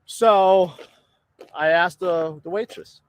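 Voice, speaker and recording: A man's voice: high-pitched, slow pace, clean tone. A man telling a story about a restaurant bill in an indignant, casual rant. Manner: indignant, retells his own side of an argument. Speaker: storyteller in a played clip.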